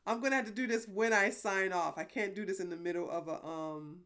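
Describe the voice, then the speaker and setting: A woman's voice: mid-range voice, a little fast, fairly bright tone. A woman hosting a live stream, chatting casually with her viewers, rambling and apologetic, laughing often. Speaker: livestream host.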